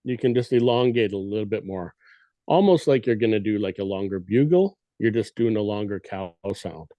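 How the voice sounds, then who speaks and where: A man's voice: fairly low pitch, animated, moderate pace, warm tone, no echo, lo-fi sound. A man on a podcast casually explaining elk cow calls and sometimes mimicking them with his voice. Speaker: guest elk calling expert.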